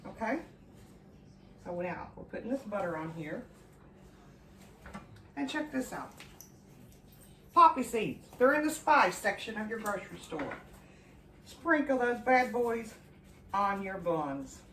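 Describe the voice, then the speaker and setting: A woman's voice: mid-range voice, sing-song, slow pace, long pauses, fairly bright tone, slight background noise. Woman, home cooking vlogger, chatty and upbeat, recorded from a distance in an echoey kitchen. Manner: chatty, enthusiastic, talks to viewers as friends. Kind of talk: casual cooking demonstration.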